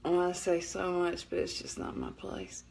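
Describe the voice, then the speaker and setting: A woman's voice: fairly low pitch, wildly swooping pitch, moderate pace, gravelly, darkish tone, slight background noise. A middle-aged woman with a northeast Alabama Southern accent, chatting casually on a live stream from home, rambling and cutting herself off, laughing often. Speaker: livestream host. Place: at home at night.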